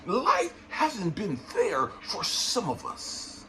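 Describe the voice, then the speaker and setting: Impassioned man, lively high voice. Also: drawn-out words, a little hiss or hum. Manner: swings from low hushed talk to raw shouting; emotional, swearing, pleading. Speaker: inspirational speaker. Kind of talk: impassioned motivational monologue.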